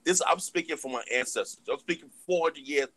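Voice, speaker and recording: A man's voice: a little high, brisk, fairly bright tone, dry recording. A man hosting a heated live discussion, talking fiercely and repeating "you know what I'm saying" over and over. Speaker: host.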